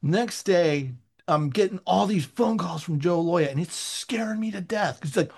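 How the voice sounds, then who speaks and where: A man with a somewhat high voice tells a story in an animated, rambling way. He restarts his sentences and fills them with fillers, like a guest chatting casually on a podcast. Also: moderate pace, vocal fry.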